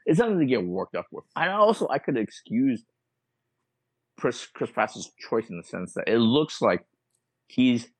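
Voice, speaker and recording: A man's voice: medium pitch, big pitch swings, measured pace, slightly rough, no echo. A man co-hosting a podcast in casual chat, talkative and often asking "you know what I mean.". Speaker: podcast co-host.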